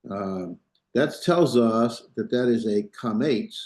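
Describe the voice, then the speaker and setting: A man teaching a class in a loose, unpolished way, restarting sentences and checking that students follow. His voice is mellow and relaxed, and it echoes around the room. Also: medium pitch, takes it slowly. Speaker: Biblical Hebrew teacher. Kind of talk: classroom lecture.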